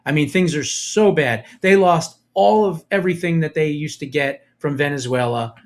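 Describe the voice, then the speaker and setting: Sarcastic talk radio host. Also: male voice, on the high side, moderate pace. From New Jersey. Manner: sarcastic, rambling, mocking. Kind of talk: casual political talk radio banter.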